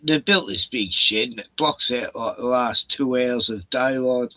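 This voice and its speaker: A man's voice: medium pitch, unhurried, sharp tone, dry recording, low-quality recording. A man chatting on a live stream in a rambling, profane rant full of sarcastic jokes, short on sleep. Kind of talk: casual ranting chat.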